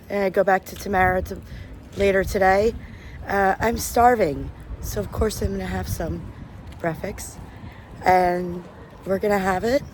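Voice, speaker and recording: A travel vlogger chats casually to camera, enthusing about food and places while on the move outdoors and in cafes. Her voice is medium-pitched, and street and traffic noise fills the background.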